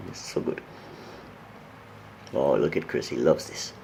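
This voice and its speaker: A man's voice: extremely low pitch, a little slow, gravelly, dark tone, slight background noise. A man giving crude, sarcastic commentary over a TV clip, gleeful and swearing often. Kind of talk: excited crude running commentary.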